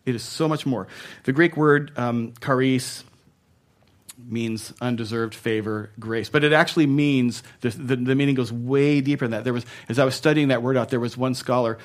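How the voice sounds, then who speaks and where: A man preaching a sermon as pastor, talking conversationally and chuckling at his own asides, moving between loud emphasis and soft, hushed passages. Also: medium pitch, steady tone, moderate pace.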